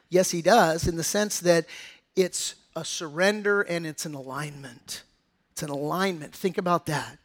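A man's voice: fairly high pitch, normal speed, fairly bright tone. A middle-aged pastor preaching a sermon in a conversational, story-telling way, acting out quotes from his family.

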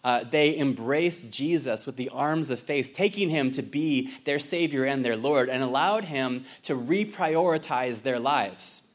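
A young man from Ireland preaches in a church in a loose, conversational way. His voice sits at an ordinary middle pitch, and he drops in jokes and fillers as he talks. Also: measured pace, hardly any pauses. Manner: conversational, joking, with many fillers. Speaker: visiting missionary pastor. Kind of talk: casual sermon. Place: church sanctuary.

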